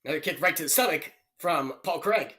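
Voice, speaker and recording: Here a young man calls a live fight with playful, excited commentary, now and then bursting out loudly. He talks fairly quickly in a slightly high voice.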